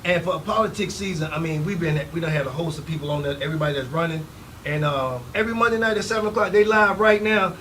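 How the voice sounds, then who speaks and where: Bright-voiced joking man. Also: fairly high pitch, quick pace, slight background noise, rough recording. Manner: joking, laughs often, lively banter. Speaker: guest. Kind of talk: casual chat.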